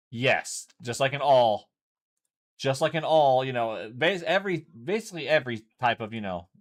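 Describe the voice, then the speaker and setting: A man casually chatting and explaining a card game as he streams from home, loose and chatty, swearing freely. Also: mid-range voice. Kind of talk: casual chat while playing.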